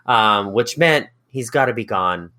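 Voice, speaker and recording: A man's voice: lowish voice, measured pace. A man co-hosting a history podcast, joking playfully through casual chat. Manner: playful, jokey, lively delivery. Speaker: podcast co-host.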